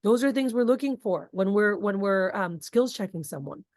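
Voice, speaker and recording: A woman coaches a group of sales reps. She is talkative and animated, with casual asides. Her voice sits at a middle pitch and sounds close and dry, with no room echo. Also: normal speed. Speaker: sales trainer. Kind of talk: energetic group training talk.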